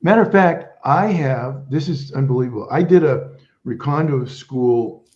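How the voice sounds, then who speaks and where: A man's voice: medium pitch, normal speed, darkish tone, muffled recording. A man in his seventies, a veteran guest, telling stories in a rambling casual chat. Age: 70s. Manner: rambling storyteller, restarts often. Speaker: guest, Vietnam veteran and author.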